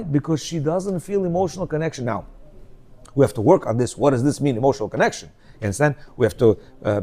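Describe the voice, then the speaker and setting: A man giving a lively class, telling stories and checking in with his listeners, now and then bursting into loud emphatic outcries. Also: a little high. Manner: lively, asks the room "yeah?" and "you know?". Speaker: teacher giving a class on marriage. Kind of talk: animated storytelling class talk.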